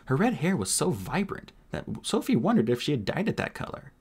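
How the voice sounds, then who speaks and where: A man reading a fantasy novel aloud as a casual audiobook narrator, expressive and doing voices for the characters. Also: on the high side, brisk, husky.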